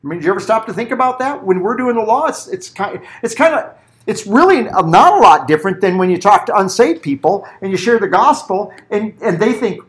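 A man's voice: sits high, a little fast. A middle-aged man preaching a sermon as a pastor, telling stories and acting out little voices. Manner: animated storytelling, acts out voices.

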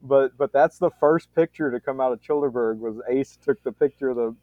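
A man's voice: medium pitch, a little fast, dry recording. A man on a podcast telling a long casual anecdote, rambling with frequent restarts and swearing freely. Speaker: podcast storyteller. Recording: tinny phone-like dry sound.

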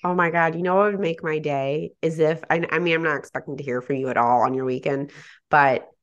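A woman's voice: deep voice, fairly even intonation, brisk, muffled recording. A woman in her forties telling stories emphatically as a casual podcast co-host. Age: 40s. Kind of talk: casual chat.

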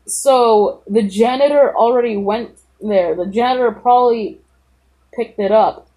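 A woman's voice: medium pitch, warm tone, breathy edge. A woman casually telling a rambling personal story on a podcast, full of "like" and reenacted dialogue. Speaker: podcast host.

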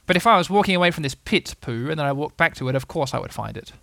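A man's voice: on the high side, lively intonation, creaky, fairly bright tone, no echo. A man doing a bossy, self-important rabbit. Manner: brisk, bossy.

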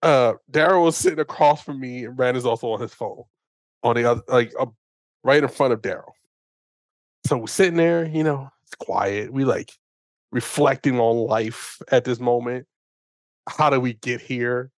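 A man's voice: medium pitch, normal speed, no room sound. A young man telling a funny story casually on a podcast and laughing as he goes. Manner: animated, laughs through the telling. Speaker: podcast host.

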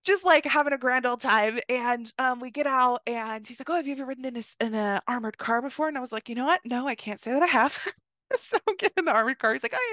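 A woman's voice: fairly high pitch, dry recording, studio quality. A young woman hosting a podcast, chatting casually through a story and filling her talk with "like" as she quotes the people in it. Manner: chatty, lots of "like", quotes people in lively voices. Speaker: podcast host.

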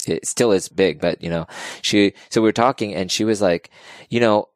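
Podcast guest: low-voiced man, dry close sound, earnest and teary storytelling. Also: normal speed, no room sound. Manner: earnest, emotional, animated storytelling. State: tearing up. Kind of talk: casual interview chat.

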